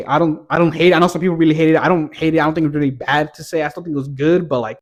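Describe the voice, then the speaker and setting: Male TV reviewer, casual exasperated rant, frequent swearing, slightly raised pitch. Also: steady tone, racing. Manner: profane, exasperated, rambling with restarts.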